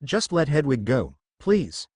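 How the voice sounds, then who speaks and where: Man playing a frightened, pleading teenage boy in an audio story. Strained, lively delivery. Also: fairly high pitch, slow, breathy edge, no room sound, clean studio sound, exaggerated voice. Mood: desperate.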